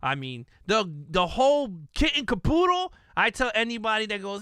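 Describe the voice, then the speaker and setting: A man's voice: high-pitched, sing-song, brisk, bright, forceful tone, clean tone, dry recording, studio quality. A man co-hosting a live movie podcast, chatting casually and enthusiastically, often laughing. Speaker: podcast co-host.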